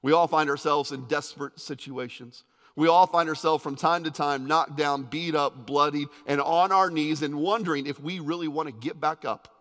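A man preaching a sermon as pastor, conversational with joking asides, swinging between loud emphasis and hushed intensity. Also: fairly high pitch, fairly even intonation, moderate pace. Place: church sanctuary. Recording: long hall reverb.

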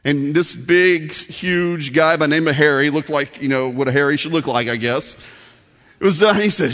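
A man's voice: a little high, normal speed, a bit bright. A man preaching a sermon as pastor, telling a story in an earnest, conversational way. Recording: long reverb of a large hall.

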